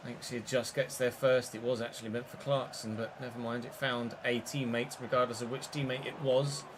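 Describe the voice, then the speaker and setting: A young man giving live commentary over a football video game, calm at times, then swearing and shouting at the game in frustration. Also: mid-range voice, moderate pace, noisy background. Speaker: gaming streamer.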